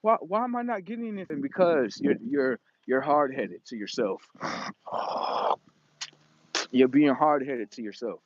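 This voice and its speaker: Man ranting solo to camera, slightly higher voice, dry dull lo-fi sound, cursing and emphatic. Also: animated, a little slow, no echo. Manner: profane, emphatic, rambling. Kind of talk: casual monologue. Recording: dull lo-fi recording.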